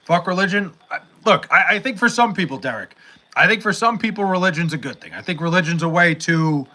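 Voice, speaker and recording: Bright-voiced young man rambling casually. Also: high voice, lively intonation, brisk. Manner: rambling, profane, with many fillers and restarts. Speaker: livestream host reading chat. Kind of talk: casual livestream chat.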